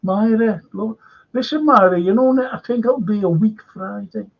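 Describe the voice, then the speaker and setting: A man's voice: high voice, normal speed. An older man hosting a casual live stream, chatting and reading viewer comments aloud. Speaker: show host. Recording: dull lo-fi stream audio.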